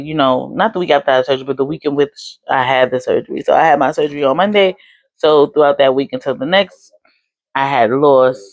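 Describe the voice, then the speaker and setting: A woman's voice: low voice, dry recording. A young adult woman vlogging casually, chatty with lots of fillers. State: hiccups. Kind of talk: casual chat.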